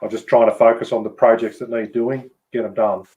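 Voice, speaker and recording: A man's voice: mid-range voice, a little fast, lo-fi sound. Laid-back Australian man chatting. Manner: relaxed, swears freely, laughs often. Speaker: host. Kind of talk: casual chat.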